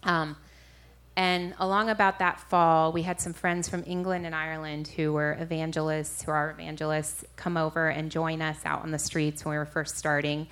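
A woman minister recounts a personal testimony to an audience. She tells it in an animated way, often restarting and correcting herself mid-sentence. Her voice sits slightly low. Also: moderate pace. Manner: animated storytelling with frequent self-corrections. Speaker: street minister.

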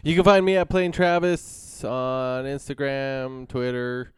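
A man hosting a casual podcast chat, joking with quick banter. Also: medium pitch, steady tone, clean tone. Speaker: podcast host.

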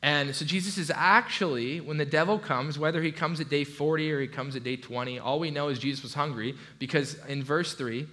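A man preaching a sermon in a relaxed, conversational way, with frequent restarts and light asides. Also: on the high side, brisk, hardly any pauses. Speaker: pastor.

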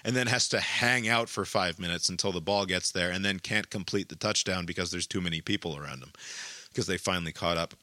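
A man talks through a football game in casual chat, animated and profane, with a lot of "like" in his speech. His voice is bright and forceful, and the sound is dry and close. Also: sits low, a little fast, dry recording. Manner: animated, profane storytelling with many fillers.

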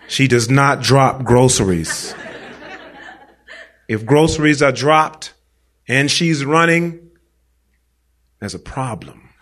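A man of ordinary pitch tells a personal story onstage to a live audience. His delivery is casual and full of slang, and he speaks directly to the listeners. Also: fairly bright tone. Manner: casual slangy conversational telling, talks straight to the audience.

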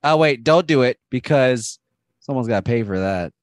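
A man's voice: medium pitch, lively intonation, normal speed, dry recording, studio quality. A man co-hosting a casual streamed podcast, joking around and laughing easily. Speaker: podcast co-host.

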